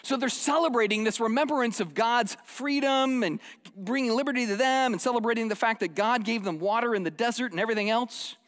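Male pastor, high voice, lively sermon delivery, long hall reverb. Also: a little fast. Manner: animated, swings from hushed asides to loud dramatic quotes.

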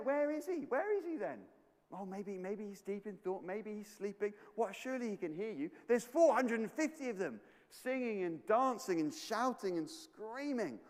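A man's voice: on the high side, darkish tone. A man playing a bold adult male prophet, theatrical and mocking as he speaks to a crowd. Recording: echoey hall.

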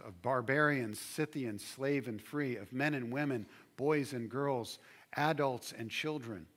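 A man's voice: mid-range voice, a bit bright. A male pastor preaching a sermon, building emphasis and stretching key words.

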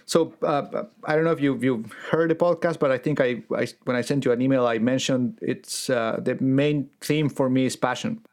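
A man hosting a podcast interview, speaking in a measured, halting way as he searches for words. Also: mid-range voice, darkish tone. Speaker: podcast host.

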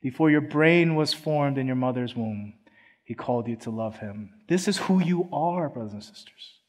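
A man's voice: mid-range voice, animated, normal speed. A man from Philadelphia preaching a sermon in church, earnest and conversational, often acting out quoted voices. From Philadelphia, USA. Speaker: pastor.

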